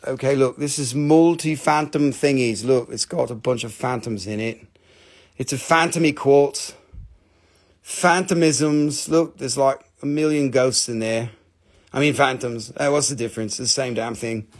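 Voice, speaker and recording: A man's voice: medium pitch, unhurried. A man hosting a live crystal sale stream, chatty and self-mocking, joking nonstop with viewers. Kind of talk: casual live sales stream banter.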